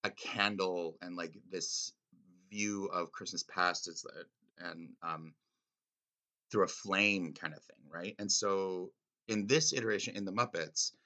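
Bright-voiced man chatting casually. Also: deep voice, a little slow. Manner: rambling, filler-heavy, enthusiastic. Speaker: reader discussing a classic story. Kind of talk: casual spoken commentary.

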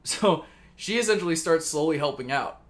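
A man's voice: a little high, lively intonation, normal speed. A man casually retelling a story on a podcast, rambling with lots of fillers and swearing. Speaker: podcast co-host pitching a story.

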